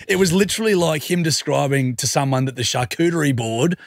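A man's voice: fairly high pitch, expressive, a little fast, vocal fry, few pauses. An Australian man co-hosting a radio show in casual, joking banter, laughing often. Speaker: radio co-host. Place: radio studio.

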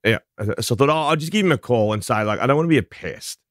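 A man's voice: mid-range voice, expressive, fast talker, no echo, clean studio sound. A man in his forties with an Australian accent, telling a self-deprecating story in casual breakfast radio banter. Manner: chatty anecdote teller, self-deprecating.

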